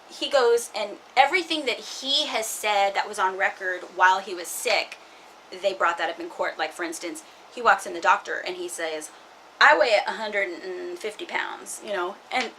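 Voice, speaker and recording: A woman's voice: mid-range voice, measured pace, sharp tone, a little hiss or hum, poor audio. A woman in her forties talks through her frustrations in a casual vlog, in loose run-on asides, and reads scripture now and then. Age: 40s. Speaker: vlogger.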